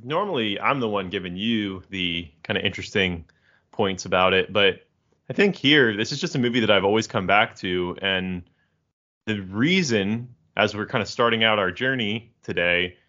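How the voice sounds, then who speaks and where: Bright-toned upbeat podcast co-host. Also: male voice, on the low side, normal speed, muffled recording. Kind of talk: casual chat.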